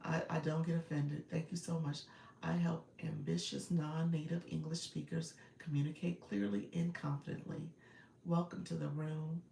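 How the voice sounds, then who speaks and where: A woman with a low, creaky, warm voice speaks in a flat tone at a moderate pace. She's a live stream coach and host running a casual stream, greeting viewers by name and chatting with lots of fillers and laughter. The phone audio is roomy and distant, with faint background noise.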